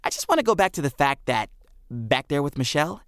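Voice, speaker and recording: A man playing a goofy, excitable teen boy. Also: on the high side, clear, resonant tone, dry recording, studio quality. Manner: excitable, showy, quick-witted. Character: chatty, goofy skinny teenage boy. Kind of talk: audiobook character voice.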